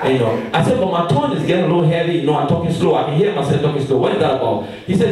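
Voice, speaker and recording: A man preaching a storytelling sermon, animated and calling out to his congregation from the pulpit. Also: fairly high pitch, rapid-fire, hardly any pauses. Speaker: pastor. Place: large church hall. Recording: echoey hall, mic far off.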